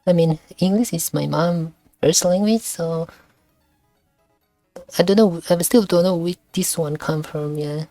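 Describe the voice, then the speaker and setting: A woman from Indonesia speaking English, giving casual reaction commentary in a halting way and repeating words as she looks for them. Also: lowish voice, warm tone, no echo, soft background music. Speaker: streamer reacting to a video.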